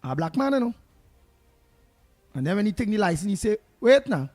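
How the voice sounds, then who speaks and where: A man with a Trinidadian accent hosting a call-in radio show, chatting and telling stories in an animated way, with loud outbursts and snatches of song. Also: sits high, fairly quick. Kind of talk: lively call-in radio chat and storytelling.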